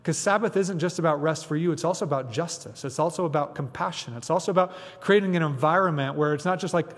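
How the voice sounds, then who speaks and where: Conversational pastor in a reverberant church. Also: male voice, on the high side, fast talker, hardly any pauses. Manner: conversational, chatty preaching with many asides. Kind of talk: sermon. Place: church sanctuary.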